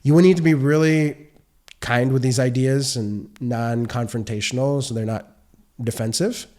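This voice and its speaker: A man, a software consultant, giving an earnest, explanatory advice monologue on a podcast and asking one question after another. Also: medium pitch, moderate pace.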